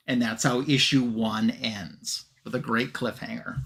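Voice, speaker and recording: A man hosting a podcast in a relaxed, easygoing way, passing the review to a guest. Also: mid-range voice, unhurried, gravelly. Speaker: podcast host. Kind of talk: casual show hosting.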